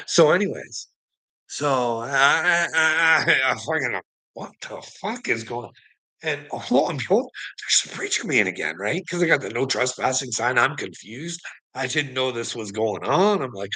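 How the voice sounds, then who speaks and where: A man's voice: medium pitch, very animated, unhurried, sharp tone. A man telling a personal story in a casual monologue, sarcastic and profane, swearing freely and laughing often between lines.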